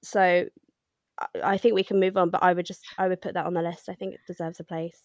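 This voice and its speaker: A woman co-hosting a casual podcast chat, with dry, deadpan humour and frequent ums. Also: lowish voice, quick pace, no echo. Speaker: podcast co-host.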